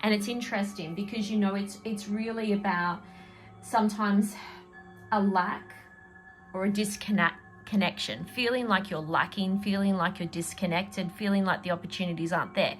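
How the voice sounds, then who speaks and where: Soft music plays behind this middle-aged tarot reader and energy healer, whose medium-pitched voice stays steady at a normal speed. Her reading is casual and chatty, wandering along with lots of fillers and laughs.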